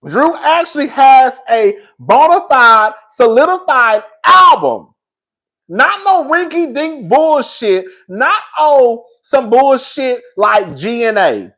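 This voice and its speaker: A man's voice: very high-pitched, big pitch swings, takes it slowly, pushed and bright. A man giving a casual, opinionated review of a reality show, sassy and blunt, calling his viewers girl and baby. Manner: blunt, swears freely. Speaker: reality TV commentator.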